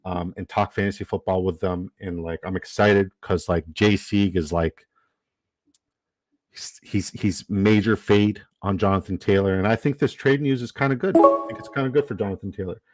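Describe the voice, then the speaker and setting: A man chats loosely while running a fantasy football draft, full of fillers and restarts as he reacts to his chat. His voice sits on the low side. The sound is dry, with no room around it. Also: fairly even intonation, moderate pace, darkish tone, dry recording, low-quality recording. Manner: rambling, filler-heavy, reads chat aloud. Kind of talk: casual live-stream chat.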